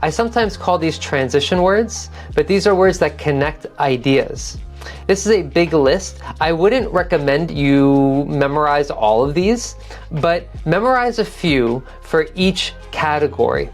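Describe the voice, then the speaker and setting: A woman's voice: low-pitched, animated, measured pace, soft background music. A woman teaching an online test-prep lesson, practical and encouraging, repeating key phrases to model how they should sound. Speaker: TOEFL teacher.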